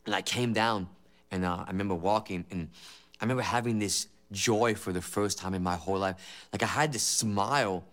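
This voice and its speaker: A man's voice: on the low side, brisk, a bit bright. Earnest man giving an emotional testimony. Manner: emotional, repetitive, earnest storytelling. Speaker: former gang member giving testimony. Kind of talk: personal faith testimony.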